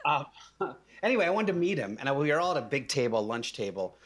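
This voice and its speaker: A man's voice: mid-range voice, very animated, fast talker. A man guesting on a podcast, giving casual conversational advice with frequent fillers and restarts.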